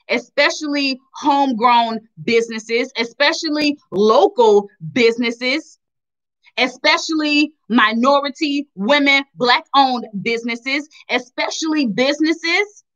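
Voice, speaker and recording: A woman's voice: high voice, pushed and bright, muffled recording. A young woman from Tennessee giving impassioned commentary, emphatic and repeating phrases for stress. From Chattanooga, Tennessee. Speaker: vlogger.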